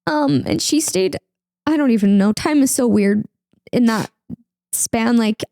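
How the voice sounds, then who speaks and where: A woman's voice: on the high side, a little slow, vocal fry, dark tone, no room sound, clean studio sound. A young woman speaking as a podcast guest, sharing a personal story candidly and acting out her own past words. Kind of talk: emotional personal interview.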